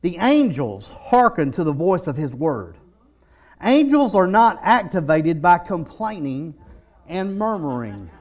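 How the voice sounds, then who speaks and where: A male pastor with a high voice that swoops widely in pitch. He preaches in waves, dropping low for stories and then climbing into loud, fervent declarations. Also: big pitch swings, measured pace. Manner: preaching with rising shouted declarations and storytelling. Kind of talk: sermon.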